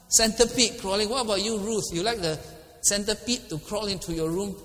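This casual sermon comes from a middle-aged man with a Singaporean English accent and a high, slightly bright voice, delivered briskly. He laughs often and puts questions to congregants by name, all in a long reverberant hall.

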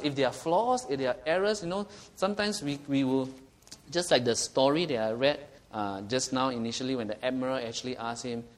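A middle-aged man with a Singaporean English accent, preaching a sermon in a conversational way, asking the congregation questions and chuckling at his own jokes. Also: medium pitch.

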